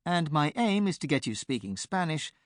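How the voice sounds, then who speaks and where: A man presenting a pronunciation course in a clear, measured teacher's delivery, recorded close on a studio mic. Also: fairly high pitch, big pitch swings, no room sound. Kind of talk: scripted instructional narration.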